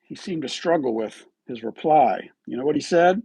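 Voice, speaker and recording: Man, live commentary host, husky voice, rhetorical and accusatory, dry close sound. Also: fairly high pitch, animated, moderate pace, mellow, dry recording. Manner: rhetorical and accusatory, keeps asking "right?". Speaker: host of a live online true-crime commentary show.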